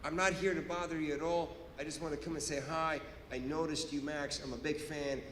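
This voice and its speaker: A man voicing a friendly male secret service agent who speaks calmly and quietly. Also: high-pitched, a little fast, background noise. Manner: calm, hushed and reassuring. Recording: echoey hall, live stage.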